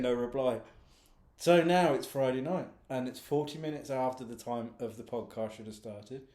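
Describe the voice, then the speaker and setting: A man's voice: medium pitch, roomy sound. A man rambling in a casual, sweary monologue from his home office, laughing often. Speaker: author and podcast host.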